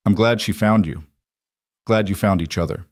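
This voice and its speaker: A man's voice: on the low side, moderate pace, dry recording, studio quality, natural voice. A man voicing a proud, wealthy older father in a storybook reading, earnest and apologetic.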